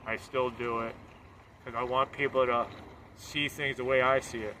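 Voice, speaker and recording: A man's voice: medium pitch, little pitch movement, moderate pace, sharp tone, slight background noise. A man delivering a fervent, preachy political monologue.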